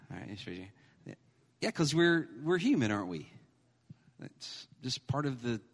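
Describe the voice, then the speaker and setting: A man in his thirties preaching a sermon as pastor, animated and emphatic, mixing humor with scripture. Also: on the low side. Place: church sanctuary. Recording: long hall reverb.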